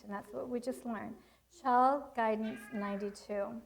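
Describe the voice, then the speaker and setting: Middle-aged female speaker, high-ish voice, lively faith-based parenting talk. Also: measured pace, gravelly, poor audio. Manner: animated storytelling, laughs often, acts out quotes. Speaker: Christian child-training speaker. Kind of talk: storytelling talk to a church audience.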